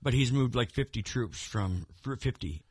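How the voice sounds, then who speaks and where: A man's voice: medium pitch, expressive, normal speed, a little mellow, husky, no room sound, clean studio sound. A man co-hosting a podcast, talking casually about the news in a rambling way, with many restarts and repeated words. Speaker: podcast co-host. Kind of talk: casual political chat.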